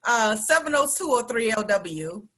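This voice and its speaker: A woman's voice: a little high, sing-song, measured pace, fairly bright tone. A woman hosting a casual radio interview, playful and chatty, who laughs easily and talks in slang. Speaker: radio show host. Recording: online live-stream interview.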